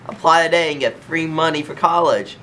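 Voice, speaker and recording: A man's voice: fairly high pitch, fairly quick, pushed and bright, a little hiss or hum. A man reading school morning announcements over the intercom, stressing key words emphatically.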